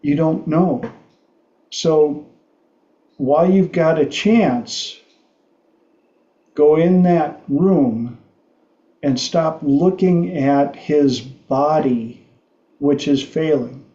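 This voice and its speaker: Slow, halting middle-aged male host. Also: a little high, mellow, reverberant, muffled recording. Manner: slow, halting storytelling with restarts. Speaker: podcast host. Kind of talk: casual livestream talk.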